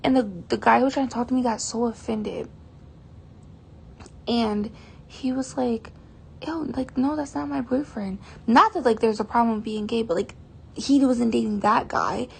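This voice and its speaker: Teen girl vlogger, fairly high pitch, vocal fry, chatty and exasperated, faint hiss behind. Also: steady tone, normal speed. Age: teens. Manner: chatty, exasperated, heavy use of "like". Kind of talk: casual storytime vlog.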